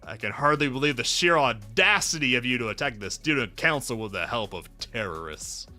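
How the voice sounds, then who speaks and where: A stern, scolding schoolgirl treasurer from a game, put on by a male streamer. The voice is bright and lively, and it rises and falls as she lectures. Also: medium pitch, brisk, soft background music. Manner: strict, scolding. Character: stern female student council treasurer.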